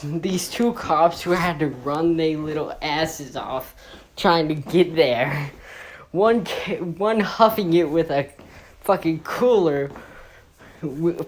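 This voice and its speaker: A woman casually improvising a fan story, rambling and swearing with many fillers. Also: on the low side.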